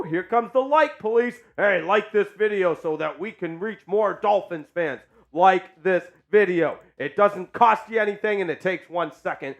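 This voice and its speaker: A man hosting a casual live sports chat stream, hyped and joking as he shouts out viewers. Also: high-pitched. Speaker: sports show host.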